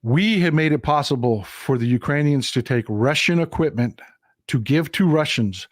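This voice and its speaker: A man's voice: fairly high pitch, expressive, moderate pace, no room sound, clean studio sound. Emphatic man hosting a political live stream. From Texas. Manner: emphatic, repeats phrases for stress. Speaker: political commentary host. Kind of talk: live-stream political commentary over a map.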